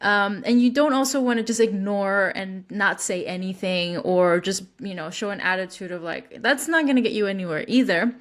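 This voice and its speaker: A woman's voice: moderate pace, few pauses. A woman hosting a podcast, talking casually with many restarts and acting out example lines. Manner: rambling, many restarts and fillers; acts out quoted lines with lifted pitch. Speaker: podcast host. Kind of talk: casual chat.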